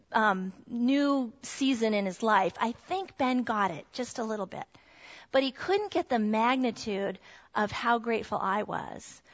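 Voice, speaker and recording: A woman's voice: fairly high pitch, a bit bright. A middle-aged woman giving a heartfelt Christian testimony talk to a mothers' group. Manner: earnest, heartfelt storytelling. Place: meeting room with a group of women. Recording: dull lo-fi recording.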